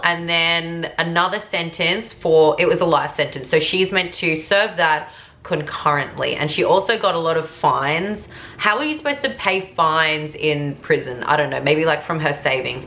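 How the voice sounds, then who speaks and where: Bright, chatty young woman vlogger. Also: on the low side. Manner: chatty and rambling, with fillers and asides to viewers. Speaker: true crime YouTuber. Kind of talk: casual vlog commentary.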